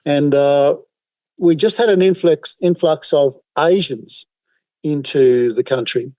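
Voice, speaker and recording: A man's voice: on the high side, takes it slowly, darkish tone, no echo, poor audio. An older man with an Australian accent, a guest telling rambling, folksy stories in an interview. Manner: rambling, folksy, many fillers. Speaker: guest, emergency services volunteer. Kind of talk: casual interview storytelling.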